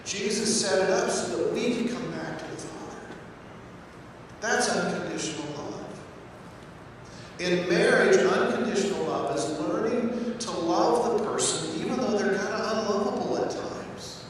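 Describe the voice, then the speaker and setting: A man's voice: high-pitched, expressive, unhurried, slight background noise. A male pastor giving a casual, joking sermon, talking straight to the congregation. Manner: conversational, joking, addresses the congregation directly. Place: church sanctuary. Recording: echoey church hall, mic at a distance.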